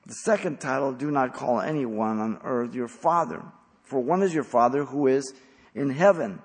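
A man preaching an expository sermon as pastor, blunt and emphatic, with sudden loud stresses. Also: mid-range voice, normal speed, breathy edge, in a large hall.

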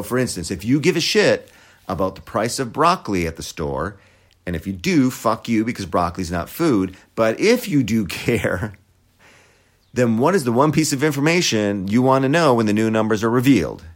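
A man's voice: fairly low pitch, lively intonation, moderate pace. A man hosting a podcast, giving sarcastic, profane commentary. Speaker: podcast host. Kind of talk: opinionated commentary.

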